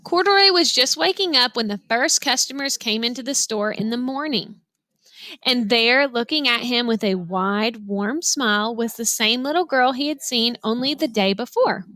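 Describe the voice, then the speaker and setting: A woman reading a picture book aloud to children, stopping like a teacher to explain and to ask the listener questions. Her voice is bright and slightly high, and it is recorded close on the mic with a dry, roomless sound. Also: animated, moderate pace, dry recording. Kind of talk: read-aloud storytelling.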